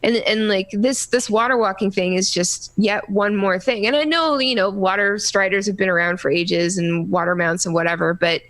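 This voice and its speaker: A woman co-hosting a casual gaming podcast, talking in a rambling, halting way full of restarts and fillers. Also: medium pitch, fairly even intonation, a bit bright. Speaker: podcast co-host.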